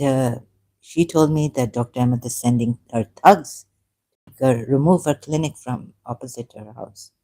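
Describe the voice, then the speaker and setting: A woman in her fifties telling her personal story, emotional and halting, rambling with restarts and self-corrections. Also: low voice, warm tone. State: emotional, close to tears.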